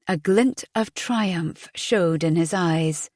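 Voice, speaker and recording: A young woman narrating a thriller audiobook in the first person, tense and inward. She reads very slowly in a low voice, and the sound is close and dry with no room echo. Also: darkish tone. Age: young adult.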